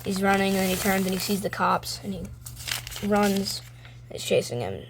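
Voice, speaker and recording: Speaking in an animated mid-range voice over a noisy background, a young woman rambles through a home vlog about comics she drew. In the darkened room she reads them out, doing quick silly character voices.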